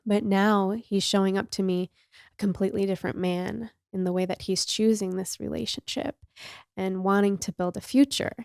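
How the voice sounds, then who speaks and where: A woman podcast host telling a personal story in an open, emotional and confessional way, sometimes dropping to a soft near-whisper. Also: medium pitch, fairly even intonation, normal speed, gravelly, smooth, no echo, clean studio sound.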